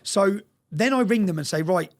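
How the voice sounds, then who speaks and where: A man telling a story in an interview, talking fast, swearing and repeating words, often asking "yeah?". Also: high-pitched, animated, vocal fry, slightly rough. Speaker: interview guest.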